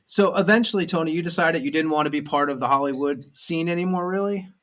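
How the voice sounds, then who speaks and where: A man's voice: fairly high pitch, quick pace, a bit bright. A man hosting a podcast, asking questions that sum up what his guest said. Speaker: podcast host. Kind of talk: interviewing.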